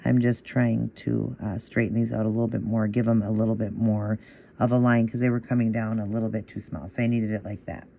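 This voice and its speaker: A man hosting a nail art tutorial, explaining each step in a patient, encouraging way and repeating the moves in a steady rhythm. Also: lowish voice, a little fast, gravelly, dull audio. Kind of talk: casual step-by-step tutorial narration.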